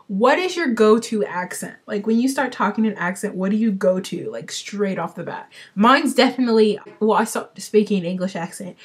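A woman's voice: mid-range voice, animated, moderate pace. A young adult woman vlogging daily in a bubbly, giggly, cheeky casual chat. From Portland, Oregon, US.

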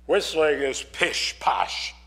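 Gruff lonely woodcarver, curt and dismissive, barking loud, read by a man. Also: a little high, slow pace.

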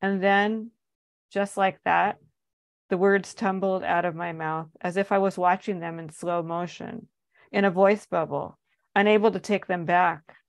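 Gravelly low-voiced woman reading her memoir. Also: fairly even intonation, measured pace, dry recording. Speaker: author reading her own work.

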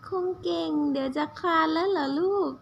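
A woman's voice: extremely high pitch, very fast, gravelly, dull audio, noisy background. A mother cooing to her baby in a sing-song voice in a home video.

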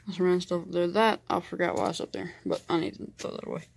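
A man's voice: high-pitched, little pitch movement, fast talker, creaky. A young man with a light Southern US accent, rambling through a casual home vlog on a handheld camera, full of "like" fillers. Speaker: vlogger. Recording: noisy home video.

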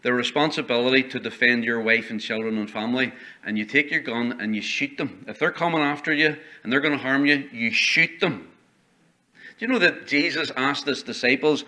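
A man's voice: medium pitch, normal speed, bright, forceful tone. A man preaching a sermon as pastor in a church, emphatic and quoting old-style scripture. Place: church sanctuary.

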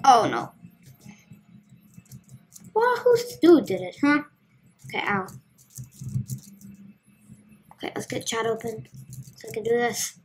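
A woman's voice: fairly high pitch, wildly swooping pitch, slow, long pauses. A woman giving casual, playful commentary as she plays a video game, talking to herself as she goes. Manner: chatty, playful, talks to herself while playing. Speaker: gaming video host.

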